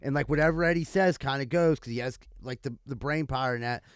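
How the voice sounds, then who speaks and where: A man's voice: mid-range voice, fast talker, clear, resonant tone, no echo, studio quality. A man co-hosting a casual podcast chat, rambling with lots of filler words. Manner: rambling, heavy use of "like". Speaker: podcast co-host.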